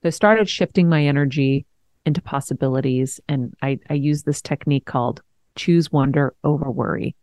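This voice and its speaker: A woman in her forties hosting a podcast, telling a personal story in a frank, animated way, laughing now and then. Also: low voice, normal speed, no room sound. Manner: frank, animated, swears and laughs while telling hard news. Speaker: host. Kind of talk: candid conversational storytelling.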